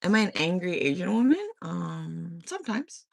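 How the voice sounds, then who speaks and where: A woman from Korea chats on her livestream in a lower voice whose pitch leaps and swoops. She is blunt and swears freely as she answers comments. The sound is close and dry. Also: sing-song, moderate pace, vocal fry, no echo. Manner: blunt, profane, opinionated. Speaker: livestream host. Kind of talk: casual livestream chat reading comments.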